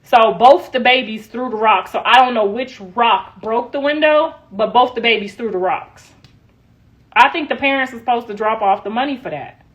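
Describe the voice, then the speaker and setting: A woman's voice: on the high side, moderate pace, fairly bright tone, poor audio. A middle-aged woman chatting casually on a livestream, laughing often, her voice worn out.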